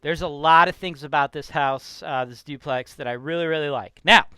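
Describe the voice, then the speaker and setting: A man's voice: fairly high pitch, moderate pace, pushed and bright, clear, resonant tone, no echo. A man from Cleveland, Ohio with a Cleveland accent, hosting a real estate show in a brash, profane, ranting style. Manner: brash, profane, keeps asking "right?". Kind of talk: casual ranting vlog.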